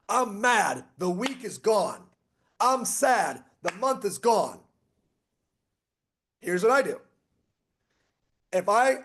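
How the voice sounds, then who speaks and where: A man's voice: sits high, gravelly. A middle-aged man presenting a motivational online strategy session, emphatic and repetitive as he rattles off lists. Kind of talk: motivational webinar talk.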